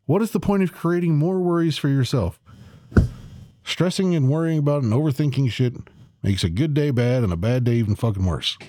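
A man's voice: mid-range voice, fairly quick, warm tone, no room sound. A man co-hosting a casual podcast, blunt and swearing constantly, laughing often as he gives advice. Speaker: podcast co-host. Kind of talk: casual profane chat.

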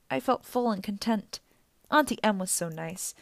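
A woman narrating a novel in the first person as an audiobook reader, with a steady storytelling delivery. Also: mid-range voice, measured pace, vocal fry, no echo.

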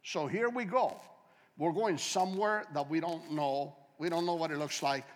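A man preaching a sermon as a guest speaker, dramatic and joking, swinging from quiet talk to shouting. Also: on the high side, moderate pace, big-room sound.

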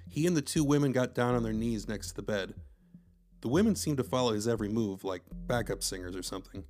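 A man's voice: mid-range voice, fast talker, a little mellow, faint music behind. A man narrating a first-person story with wry, conversational asides.

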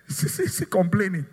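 A pastor preaching a lively sermon, acting out his congregation and calling for responses. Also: sits high, slightly rough, in a large hall. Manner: animated, mimics congregants, asks crowd to respond.

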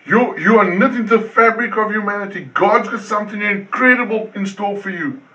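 Distant preaching pastor, emphatic repeats. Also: male voice, high-pitched, fairly quick, pushed and bright. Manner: preaching with emphatic repetition, rising and falling intensity. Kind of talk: sermon. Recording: distant, dull lo-fi sound.

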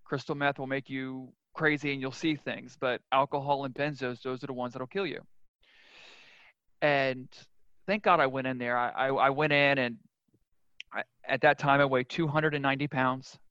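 Telling his own story on a podcast, this male guest comes across as candid, sincere and confessional, like casual interview storytelling. He speaks at a normal speed in a steady mid-range voice that's pushed, bright and smooth. There's no room sound, and the audio is dull, dry lo-fi.

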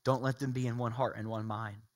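A man voicing the devil as a scheming figure, muttering warnings to himself in a low, hushed tone during a sermon. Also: flat delivery, brisk, lightly acted.

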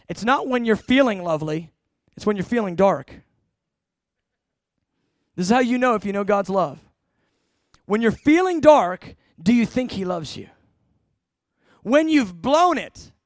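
A man with a very high voice preaching a sermon, emphatic and questioning. He leans on slow, stressed phrases, then rushes through asides. Close, dry sound. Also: dry recording. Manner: asks the congregation questions.

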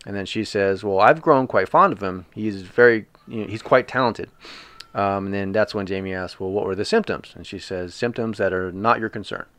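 A man's voice: lowish voice, normal speed, a bit bright, no room sound. A man casually recapping a TV episode, paraphrasing scenes with lots of ums and you knows. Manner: retells scenes with loose paraphrased quotes and many fillers. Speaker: podcast co-host recapping a TV episode. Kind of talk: casual chat.

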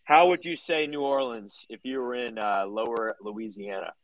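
A man co-hosting a casual sports podcast outdoors, opinionated and prone to quick little rants. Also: mid-range voice, fairly even intonation, no room sound, poor audio. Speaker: podcast co-host. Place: backyard, outdoors.

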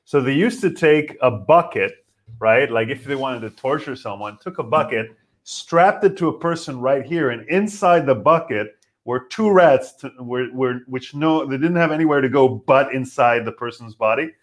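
A man's voice: mid-range voice, normal speed. A man co-hosting a casual chat, rambling along with lots of fillers. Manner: rambling, chatty, full of fillers. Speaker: podcast co-host.

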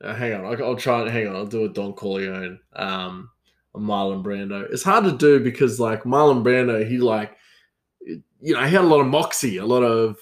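A man's voice: on the low side, moderate pace. Rambling man telling casual stories. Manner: rambling, lots of fillers and restarts, frequent laughter. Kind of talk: casual storytelling.

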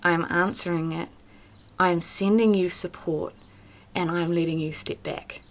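A gentle, patient God speaks in a low, soft hush, as a woman quotes him in her devotional talk. The tone is calm and reassuring, never stern. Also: moderate pace, close to an everyday voice.

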